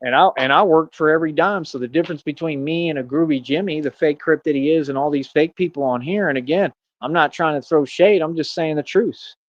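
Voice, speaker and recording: A man on a livestream, bragging loudly and mocking rivals in a loose, rambling way. His voice sits a little higher than most men's, and his speech is full of fillers. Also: brisk, few pauses, dry recording, dull audio. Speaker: streamer. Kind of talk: livestream rant.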